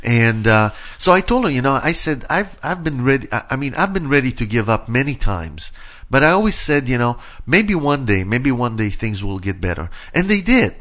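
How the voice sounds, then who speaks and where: A man's voice: mid-range voice, sing-song, normal speed, a bit bright. Rambling middle-aged male radio host. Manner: rambling, many "you know" fillers. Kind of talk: casual radio chat.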